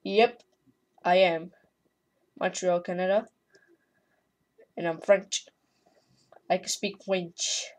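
A woman's voice: fairly low pitch, steady tone, takes it slowly, pauses often. A woman voicing a touchy male French-Canadian fighter who answers curtly and defensively. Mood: proud. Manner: curt, defensive.

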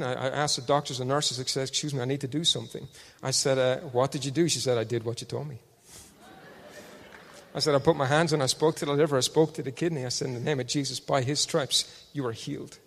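A man preaching a testimony sermon, swinging between loud shouted proclamations and hushed storytelling. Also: a little high. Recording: long hall reverb.

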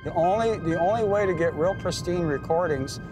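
A man's voice: high voice, a little fast, music in the background. A man explaining his radio gear outdoors in the desert, rambling and chatty with lots of fillers and restarts. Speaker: radio hobbyist guide. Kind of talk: casual explaining in the field.

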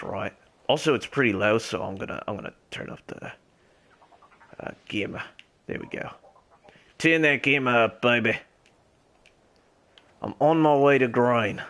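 A young man streams a game in character, putting on an Australian accent in a low-leaning voice. He rambles, swears a lot, and shouts out loudly to other players.

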